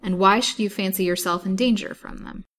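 A woman's voice: medium pitch, fairly even intonation, brisk, a bit bright, close to an everyday voice. A woman voicing a brusque, scheming male physician in a storybook reading, commanding and impatient.

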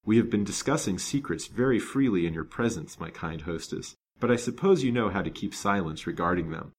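A man's voice: deep voice, animated, fairly quick, breathy edge, exaggerated voice. A man reading the part of a resolute, gallant detective in a storybook, grave and determined. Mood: kindly. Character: determined, gallant male detective, kind but stern.

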